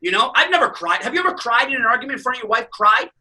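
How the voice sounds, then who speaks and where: A man co-hosting a podcast, swearing and getting excited as he tells stories in casual comedic chat. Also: very high voice, rapid-fire, distant mic, poor audio. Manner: excitable, swearing, rising to shouts. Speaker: podcast co-host.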